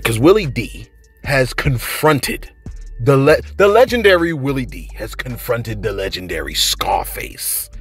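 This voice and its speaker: A man hosting a casual celebrity news commentary, animated and exclaiming, full of fillers such as "you know what I mean" and "man". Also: husky. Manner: animated, exclaiming, laughing, swings from low mumbles to high exclamations; fillers and repeated phrases like 'you know what I mean' and 'man'. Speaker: celebrity news channel host. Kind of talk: casual commentary reading viewer shout-outs.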